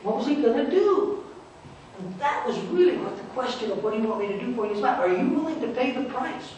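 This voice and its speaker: High-pitched, sarcastic merchant, dismissive, played by a man, first-person sermon monologue, echoey distant church mic. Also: expressive, quick pace, darkish tone, a little hiss or hum. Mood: reflective. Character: scornful male merchant at the roadside, grumbling about beggars. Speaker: pastor. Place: church sanctuary.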